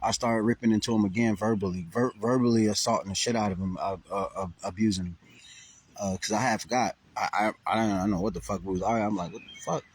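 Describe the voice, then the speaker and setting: A man's voice: on the low side, quick pace, husky. A man casually telling a rambling, profane story to camera with lots of restarts and fillers. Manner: rambling, profane, animated retelling with many restarts. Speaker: vlogger. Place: near Burlington, Vermont.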